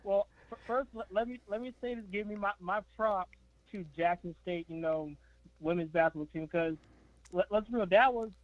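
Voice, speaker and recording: High-voiced caller, stammering, dull call audio. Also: male voice, moderate pace, no room sound. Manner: stammering, many fillers. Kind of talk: casual sports chat.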